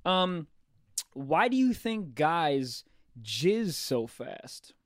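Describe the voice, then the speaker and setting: A young man hosting a casual podcast chat, crude, excitable and joking. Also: on the high side, drawn-out words, no echo, studio quality. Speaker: podcast host.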